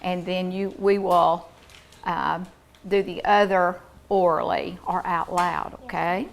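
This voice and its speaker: A woman teacher leading a classroom phonics lesson, encouraging and deliberate, sounding out words for young pupils in a classroom. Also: lowish voice, steady tone, gravelly, slight background noise.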